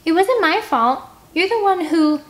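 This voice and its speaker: A woman voicing a whiny, bratty young girl, shrill and complaining. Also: animated, normal speed.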